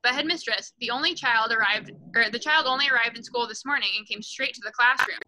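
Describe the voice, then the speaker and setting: A woman reading aloud and voicing a gentle, determined young female teacher who pleads earnestly. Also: fairly high pitch, fast talker, a little hiss or hum, rough recording. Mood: pleading.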